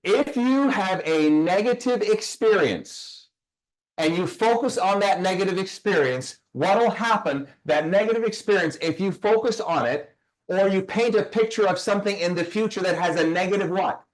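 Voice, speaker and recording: A personal growth speaker, a man whose voice sits high for his sex. He teaches in an emphatic, questioning way and keeps asking his listeners to type their answers in. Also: animated, moderate pace. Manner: emphatic, fires rhetorical questions at the audience. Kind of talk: motivational teaching session.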